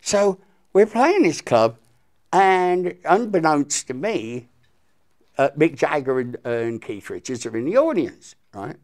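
A man's voice: on the high side, slow pace. Older english guy telling old stories, voice jumps all over, gets really into it. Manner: animated storyteller, acts out quotes. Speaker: guest musician. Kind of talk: storytelling interview.

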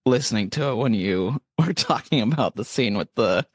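A man co-hosting a podcast in casual chat, playful and quick to laugh. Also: mid-range voice, animated, husky, dry recording, clean studio sound. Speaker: podcast co-host.

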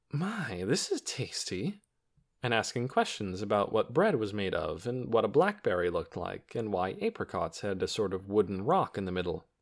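A man narrating a children's novel as an audiobook, telling the story expressively. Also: lowish voice.

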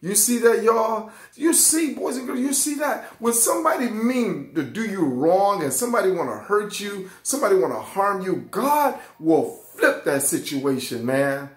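A man teaching an excited Bible lesson to children, fervent and repeating his phrases. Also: high-pitched, moderate pace, few pauses, roomy sound. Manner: fervent, repeats phrases, keeps saying "watch this" and "y'all".

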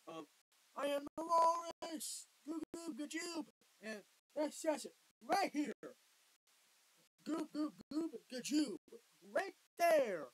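A woman casually reviewing a record album and scoring tracks, halting with many fillers and sudden loud bursts. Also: high-pitched, rough recording.

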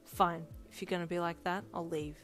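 Woman reading as curt, commanding teen boy for a storybook; lowish voice, faint music under. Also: fairly even intonation, normal speed, fairly bright tone, lightly acted. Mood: blunt. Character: blunt, brusque teenage boy.

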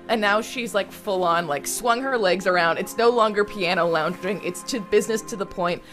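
A woman's voice: medium pitch, normal speed, hardly any pauses, fairly bright tone, faint music behind. A woman player describing her character's actions in a tabletop game, giggly and descriptive. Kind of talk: tabletop role-play narration.

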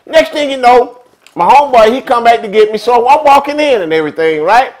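A man's voice: very high-pitched, animated, fairly quick, poor audio. A man who hosts a vlog, telling stories in chatty, streetwise commentary. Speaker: vlog host. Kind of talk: casual storytelling commentary.

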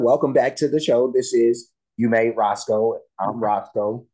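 A man's voice: mid-range voice, steady tone, measured pace, warm tone, poor audio. A man hosting a reaction channel, chatting casually and rambling with many fillers. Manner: rambling, filler-heavy, friendly. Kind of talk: casual reaction video chat.

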